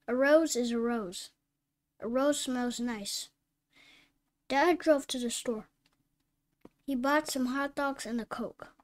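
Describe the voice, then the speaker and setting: A woman teaching a phonics reading lesson, reading word lists and simple sentences one at a time, sometimes correcting herself. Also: high voice. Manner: reads each word slowly and distinctly, self-corrects.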